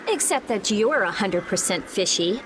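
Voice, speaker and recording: An actress playing a sharp-tongued, sarcastic young woman in a video game. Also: mid-range voice, expressive, normal speed, noisy background, natural voice. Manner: sarcastic, blunt.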